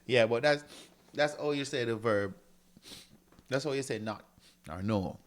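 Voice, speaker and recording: A man's voice: medium pitch, a little slow. Guy teaching grammar, walks through it step by step, keeps asking "right?", writing on the board as he goes. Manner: explains step by step, often checks with "right?"; reads from a textbook and writes on a board. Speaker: Greek teacher. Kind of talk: recorded classroom lecture.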